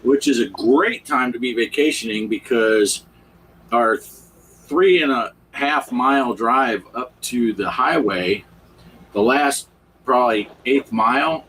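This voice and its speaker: A man's voice: mid-range voice, a bit bright, a little hiss or hum, rough recording. A man hosting a casual livestream chat, telling rambling stories. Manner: chatty, rambling storyteller. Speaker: livestream host.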